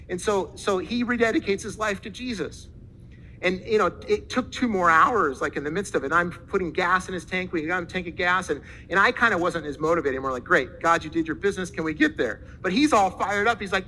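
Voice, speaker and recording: Male pastor, high bright voice, animated storytelling sermon, faint hiss behind. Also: fairly quick, poor audio. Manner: animated, acts out quoted voices.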